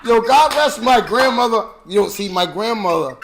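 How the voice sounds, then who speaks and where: A man hosting a podcast, telling family stories in an animated way and acting out relatives in quotes. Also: sits high, normal speed, a crowd in the background. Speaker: podcast host. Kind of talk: casual storytelling chat.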